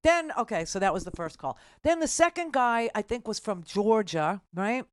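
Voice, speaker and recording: A woman's voice: medium pitch, expressive, moderate pace, no room sound, clean studio sound. Indignant woman talk radio host. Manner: combative, indignant, exasperated. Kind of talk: political talk radio monologue.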